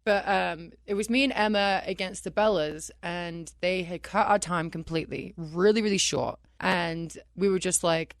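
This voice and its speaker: A woman's voice: on the low side, normal speed, gravelly, hardly any pauses, no room sound, clean studio sound. A woman guest on a radio talk show, animatedly telling stories from her career, laughing often and acting out quotes. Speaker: wrestler guest. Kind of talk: casual radio interview storytelling.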